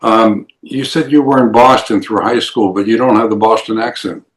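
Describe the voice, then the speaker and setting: A man hosting a live interview, briskly moving things along to audience questions. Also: fairly low pitch, rough recording. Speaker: host.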